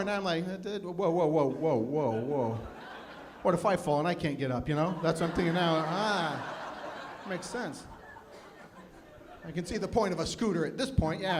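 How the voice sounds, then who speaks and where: Fifty-something male stand-up comic, self-deprecating club set, slightly high voice, audible room noise. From Phoenix, USA. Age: 50s. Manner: self-deprecating, chatty with the crowd. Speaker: stand-up comedian. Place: live comedy club with audience.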